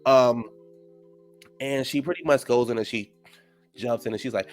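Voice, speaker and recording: A man giving a casual, sassy recap of a reality show, acting out the cast members' lines in a raised, animated voice. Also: mid-range voice, moderate pace, faint music behind. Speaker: show reviewer.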